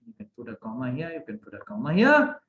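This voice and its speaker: A man's voice: medium pitch, fast talker, narrow, tinny audio. A man teaching a grammar class online, often checking that the class follows. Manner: animated, asks the class many checking questions. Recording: echoey room.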